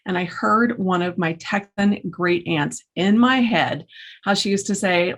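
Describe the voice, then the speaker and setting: A woman, a guest in an interview, chatting in an animated, storytelling way about her work as a musician and entrepreneur. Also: fairly low pitch, moderate pace. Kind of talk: casual interview chat.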